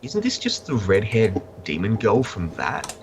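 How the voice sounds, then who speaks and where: A man's voice: lowish voice, wildly swooping pitch, a little slow, slight background noise. A man reviewing trading cards in casual chat, blunt and opinionated with a dry sense of humor. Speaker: card game reviewer.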